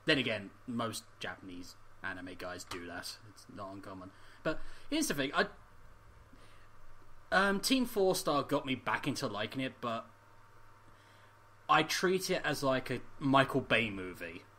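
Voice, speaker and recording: A man in casual podcast chat whose pitch swings freely as he talks. His tone is bright and forward, and he laughs and swears as he rambles through tangents. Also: big pitch swings, measured pace. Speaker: podcast co-host.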